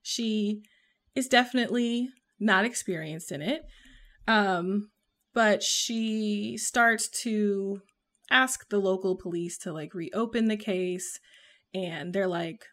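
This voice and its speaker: A woman's voice: mid-range voice, slow pace, a bit bright. A woman from the American South with a Southern accent, chatting casually about a book she read, rambling with lots of fillers and laughing often. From Southern United States. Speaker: podcast co-host reviewing a book. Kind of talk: casual chat.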